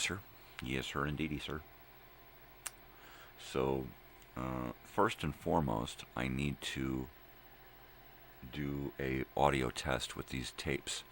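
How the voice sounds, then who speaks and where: Very deep gravelly older man. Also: sharp tone, slight background noise. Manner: joking, laid-back slang, thinks aloud. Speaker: daily show host. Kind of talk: rambling casual monologue.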